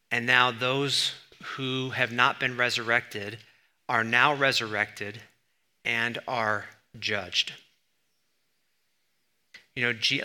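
A male pastor teaching in a very bright, sharp tone. He talks through his sermon conversationally, then leans hard on key words with sudden emphasis. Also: mid-range voice, smooth.

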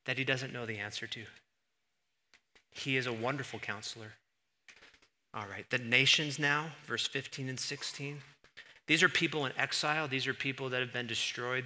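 A man preaching a sermon as pastor in a church, acting out voices with sudden loud jumps. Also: mid-range voice. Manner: animated, acts out God's voice with sudden loud jumps.

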